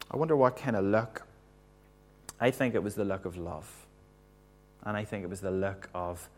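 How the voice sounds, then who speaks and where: A man preaching a sermon in an earnest, reflective way, often dropping to a soft hush to make a point. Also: on the low side, moderate pace.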